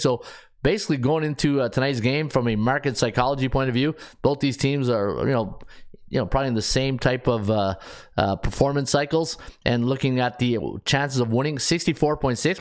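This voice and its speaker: A man hosting a sports betting podcast, thinking aloud as he checks stats, with frequent restarts and filler words. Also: mid-range voice. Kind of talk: casual solo analysis.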